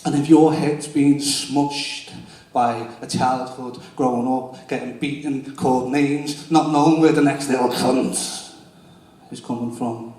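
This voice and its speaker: A man performs slow, intense spoken-word poetry in a dark, mellow voice, taking his time. The sound is very echoey and distant, as if from across a large room. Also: medium pitch, steady tone. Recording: very echoey hall from afar.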